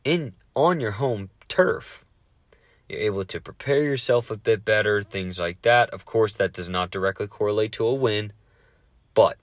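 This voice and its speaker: A man hosting a casual sports podcast, talking fast with lots of swearing and rambling asides. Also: fairly low pitch, a bit bright, no echo.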